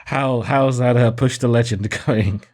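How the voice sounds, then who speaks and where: A man's voice: mid-range voice, unhurried, darkish tone. A young man hosting a casual gaming podcast, joking and self-deprecating with his co-hosts. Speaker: podcast host.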